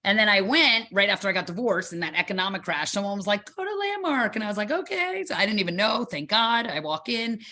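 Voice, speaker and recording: A woman guest in a casual interview, talking fast and acting out bits of dialogue as she tells her stories. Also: medium pitch. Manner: animated storyteller acting out dialogue. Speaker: boxing gym owner, guest.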